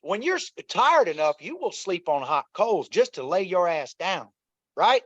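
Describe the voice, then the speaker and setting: A middle-aged man recounts a family crisis in an interview, earnest and circling back over his words. His voice sits on the higher side. The recording sounds muffled and dry. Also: sing-song, measured pace, a bit bright, dry recording. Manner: earnest, repeats himself, addresses listeners as y'all. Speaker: interview guest. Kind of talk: emotional personal storytelling. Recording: dull, slightly lo-fi dry sound.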